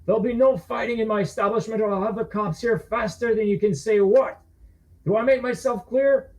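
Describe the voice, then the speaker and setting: A man's voice: sits high, a little fast, darkish tone, recorded from a distance, pitched above the performer's own voice. A man reading his thriller aloud, voicing a bald, bearded male bartender who lays down the law firmly. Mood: stern. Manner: firm, laying down the law. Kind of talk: audiobook reading.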